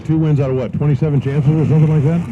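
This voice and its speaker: A man's voice: on the high side, level tone, racing. A man doing live commentary as announcer at a drag race, mixing race calls with folksy joking asides. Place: outdoor dragstrip. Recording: dull live-stream audio with loud track noise.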